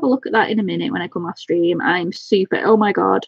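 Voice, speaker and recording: A woman talks on a live stream with a slightly husky, breathy voice. She gushes with excitement and keeps thanking her viewers by name. The audio is dry and a little dull, like lo-fi stream sound. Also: on the low side, fast talker, dry recording. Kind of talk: casual live-stream chat.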